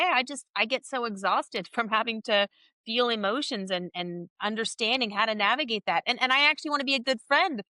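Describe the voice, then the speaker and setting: Bright-voiced woman in her thirties. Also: fairly high pitch, no room sound, studio quality. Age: 30s. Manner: open and emphatic, animated with swearing. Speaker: podcast guest. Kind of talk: candid interview conversation.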